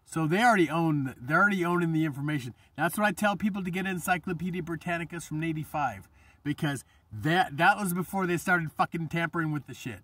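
A man's voice: a little high, brisk, fairly bright tone, no room sound, recorded from a distance. A man hosting his own channel, delivering a rambling, profane, agitated monologue. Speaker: channel host. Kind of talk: ranting monologue.

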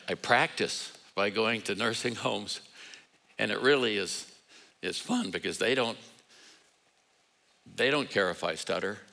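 An older man preaching a sermon in a low, bright, forceful voice. He tells stories conversationally, lifts into quoted dialogue with a bit of acting, and mixes in humor at his own expense. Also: vocal fry, low-quality recording. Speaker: guest preacher. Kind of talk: sermon with storytelling.

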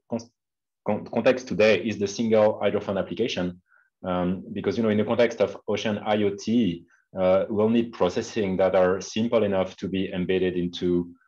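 A man with a French accent, speaking English as a non-native, gives a seminar talk as a guest speaker over a video call, with many hesitant fillers. His voice is lowish with a darkish tone, and the call audio is dull and lo-fi.

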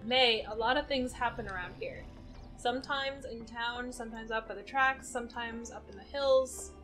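A woman reading the lines of a stern female cop character from a video game, speaking slow, grave warnings. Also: a little high, fairly even intonation, fairly bright tone, faint music behind, lightly acted. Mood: ominous. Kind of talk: reading game dialogue aloud.

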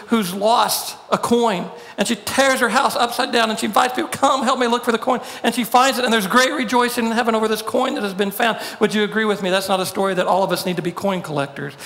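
A man's voice: high-pitched, gravelly, a bit bright, big-room sound. A man preaching a sermon as pastor, building his points through repeated rhetorical questions and emphatic quoted lines.

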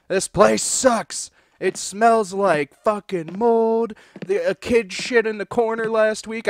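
A man doing let's play commentary, loud and joking, swearing and talking back to game characters. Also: high-pitched. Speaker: gaming video creator.

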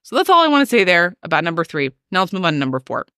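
A woman's voice: lowish voice, very animated, very fast, sharp tone, no echo, studio quality. A woman hosting a solo podcast, coaching her listeners in an emphatic, ranty way.

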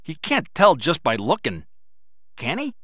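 An actor voicing a brash dock worker in a video game, who grumbles in a rough working-class way. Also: male voice, on the high side, huge pitch swings, a little slow, very noisy. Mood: grumbling. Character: brash male dock worker, would-be communist intellectual.

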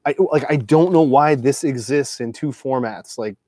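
A man's voice: medium pitch, normal speed, mellow, no echo, studio quality. Profane, rambling middle-aged man. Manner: profane, digressive, loose with filler words. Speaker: record collector showing his records. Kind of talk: casual rambling monologue.

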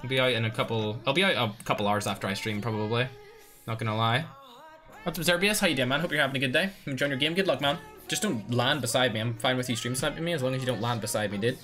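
Excitable young Northern Irish gamer guy. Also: medium pitch, fast, faint music behind. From Northern Ireland. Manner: excitable, slangy, swings between loud outbursts and muttering. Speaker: game streamer. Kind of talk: live gameplay commentary with chat shout-outs.

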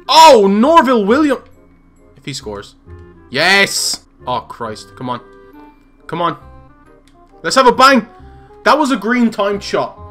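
A young man giving excited, jokey commentary over his own football video game, swinging between shouts and mutters. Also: a little high. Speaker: gaming YouTuber.

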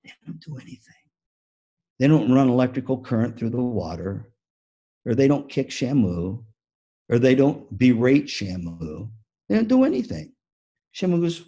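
Animated husky man giving a motivational talk. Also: medium pitch, normal speed, pauses often, muffled recording. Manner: animated storyteller, acts out the story. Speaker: music education speaker.

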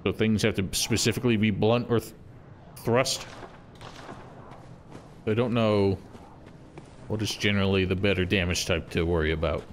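A man streaming a video game, cursing and yelling at the enemies with frustration. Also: on the low side, fairly even intonation, moderate pace, pauses often, slight background noise. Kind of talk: live game commentary.

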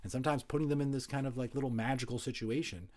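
A man reading a novel aloud as an audiobook, relaxed, with chatty asides and small slips. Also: mid-range voice, very fast. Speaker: audiobook reader, voice actor.

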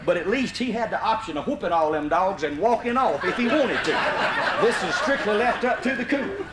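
Speaking a little fast in a high, animated voice, this comedic storyteller from Mississippi has a Southern US accent. He spins a folksy, funny tale for a live crowd and bursts into hollers. The vinyl live recording sounds roomy, with a faint hiss.

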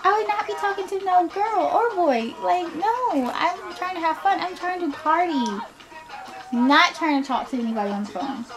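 A young woman telling a storytime vlog, animated and sassy, laughing often, recorded on a laptop webcam at home. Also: very high voice, moderate pace, music in the background. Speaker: vlogger.

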